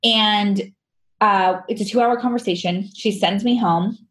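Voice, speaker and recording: A woman's voice: medium pitch, measured pace. A woman guest telling her personal story candidly, laughing often and acting out the dialogue. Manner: animated, laughs often, acts out quoted dialogue.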